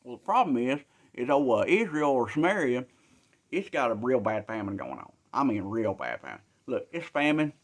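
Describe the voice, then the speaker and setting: A man's voice: medium pitch, sing-song, normal speed. A man telling a Bible story in a rambling, joking, colloquial way.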